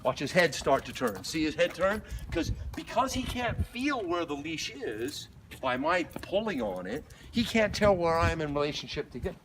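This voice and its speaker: A man's voice: fairly high pitch, animated, normal speed. A man working as a dog trainer, explaining a leash lesson outdoors while walking, often breaking off to praise the dog in a light voice. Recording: distant mic, noisy outdoor.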